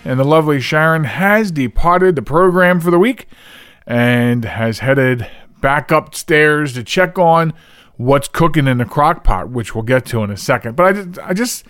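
A man from the Philadelphia area hosts his podcast solo, drifting from one thought to the next and chuckling at his own slips. His voice sits at a middle pitch and comes through a dry, close microphone with no room sound around it. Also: fairly bright tone, dry recording. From Philadelphia region. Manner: rambling, self-correcting, laughs at himself. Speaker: podcast host. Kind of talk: casual solo podcast chat.

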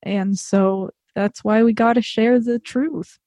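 A woman's voice: fairly high pitch, steady tone, slow pace, mellow, no room sound, studio quality. A woman co-hosting a casual podcast, bubbly and laughing often. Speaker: podcast co-host.

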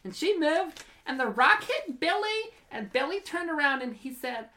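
A woman's voice: sits high, sing-song, normal speed, sharp tone, full character voice. A woman voicing her dramatic, tearful little schoolgirl sister, reading a diary aloud in breathless, sobbing bursts. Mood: whiny tearful.

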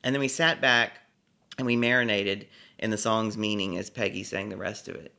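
A man telling a personal story with lively delivery, acting out the people in it. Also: fairly low pitch, normal speed, creaky. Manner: animated, acts out every character.

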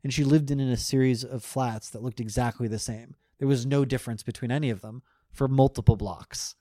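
Guest, male, mid-pitched, loose rambling anecdote with frequent laughs. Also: fairly even intonation, a little fast, dark tone, dry recording, clean studio sound. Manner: rambling, self-correcting, laughs often. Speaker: guest telling a story. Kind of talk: casual storytelling.

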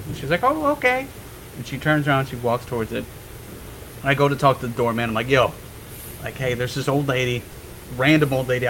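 Animated young man telling a story. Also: medium pitch, a little hiss or hum, poor audio. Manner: animated, swears freely, laughs while telling. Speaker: podcast guest. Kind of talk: casual storytelling.

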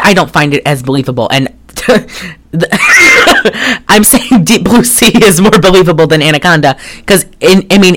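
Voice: mid-range voice, a bit bright. A podcast co-host recapping a film in casual chat, rambling with lots of "like" and wry, sarcastic asides. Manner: trails off and restarts often.

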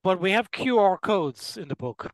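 An older man, a gastroenterologist, giving measured, explanatory interview answers and clearing his throat now and then. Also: high-pitched, expressive, no room sound, poor audio. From Ireland. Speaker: gastroenterologist guest.

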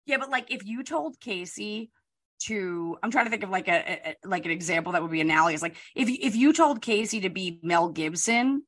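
A woman co-hosting a casual gossip podcast, animated and quick with asides and laughter. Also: medium pitch. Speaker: podcast co-host.

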